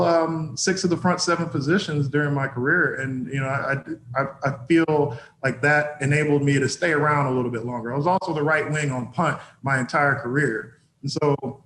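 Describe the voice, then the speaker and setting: A middle-aged former football player answers interview questions in a reflective, measured voice and often restarts his sentences. His voice sits in the middle range for a man. The room is echoey, with a faint ambient hum behind him. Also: medium pitch, fairly bright tone. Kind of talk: casual interview talk.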